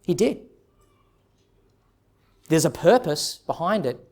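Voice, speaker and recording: A male pastor preaching an expository sermon in an earnest, emphatic way, with dramatic pauses. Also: on the high side, sing-song, darkish tone.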